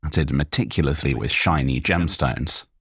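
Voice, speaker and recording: A man narrating an audiobook in a live recording session, expressive and careful. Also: rumbling low, moderate pace, breathy edge, no room sound, studio quality.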